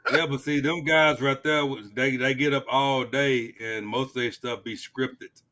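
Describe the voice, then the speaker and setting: A man joining a casual sports podcast, his voice bright and sharp. He speaks emphatically and says his points more than once. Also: mid-range voice, fairly even intonation, moderate pace. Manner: emphatic, repeats phrases.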